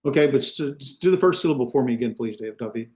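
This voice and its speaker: A male instructor lecturing to an online class at a medium pitch. He explains patiently and keeps checking in with his students by asking "right?" His voice carries the roomy echo of a hard-walled space. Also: lively intonation, fast talker, a little mellow.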